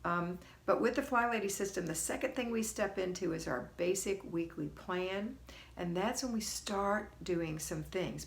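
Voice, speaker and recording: A middle-aged woman talks straight to her live audience, greeting viewers by name before easing into friendly coaching. Her voice sits at an ordinary middle pitch, and her delivery is folksy, chatty and encouraging. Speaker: host of a homemaking livestream. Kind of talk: casual live coaching talk.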